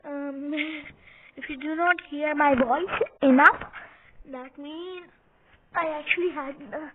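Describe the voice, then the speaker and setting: A giggly young woman with a high voice rambles slowly through casual gameplay commentary while lying on her couch at home. She's a gaming video host on a phone or computer mic, sometimes covered by her hand, so the audio is tinny with a faint hiss.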